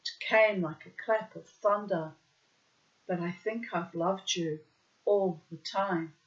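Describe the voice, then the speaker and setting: A woman's voice: on the low side, slow, muffled recording, slight background noise. A woman reading the lines of an earnest young male German soldier, pleading in her own narrating voice.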